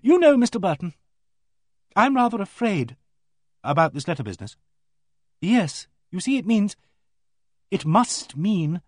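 A man's voice: high voice, big pitch swings, a little slow, pauses often, no room sound, studio quality, voice pushed up, full character voice. A man voicing a vague but blunt vicar's wife who speaks frankly and thoughtfully. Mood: ominous. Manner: frank, musing, unembarrassed.

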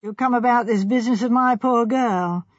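A reader voicing a burly, shifty, middle-aged publican who is rough-spoken and indignant. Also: medium pitch, moderate pace, no echo, highs cut off, natural voice. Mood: ingratiating. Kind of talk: audiobook character voice.

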